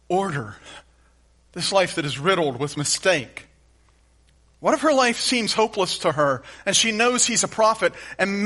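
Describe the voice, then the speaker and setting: A man preaching a sermon in an emphatic style, returning to refrains and swinging between loud and hushed lines. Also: a little high, husky. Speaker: pastor.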